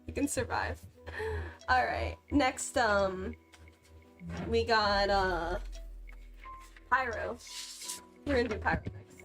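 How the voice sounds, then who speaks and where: A woman's voice: on the high side, slow, long pauses, fairly bright tone, soft background music. A young woman chatting casually on a livestream, bubbly and giggly, laughing often between lines. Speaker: cosplay livestreamer.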